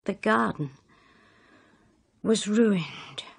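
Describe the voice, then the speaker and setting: A woman narrating a first-person story in a plain, measured way for language learners. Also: mid-range voice, expressive, creaky, husky.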